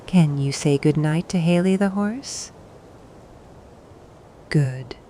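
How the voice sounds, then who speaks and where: A woman narrating bedtime stories for toddlers, soft and soothing, pausing for the child to answer. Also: sits low, a little hiss or hum. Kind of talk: gentle bedtime storytelling for toddlers.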